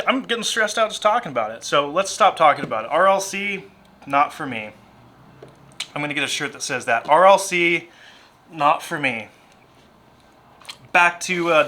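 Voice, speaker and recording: Talking about his diecast cars, this married man with a Southern US accent has a medium-pitched, sharp-toned voice. His casual chat wanders off on tangents and is rambling and self-deprecating.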